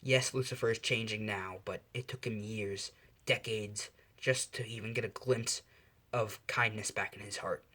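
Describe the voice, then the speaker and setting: A man's voice: fairly even intonation, normal speed. Grave angel father, voiced by a man. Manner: long grave explanations, low and quiet. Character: solemn male angel father, grave and warning.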